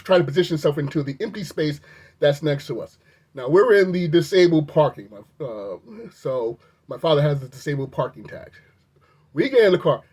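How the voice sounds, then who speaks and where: A video reviewer telling a story in a storytime commentary, talking animatedly and sounding incredulous, with the pitch jumping up when outraged. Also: a little mellow, slightly rough. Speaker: video reviewer recounting an incident.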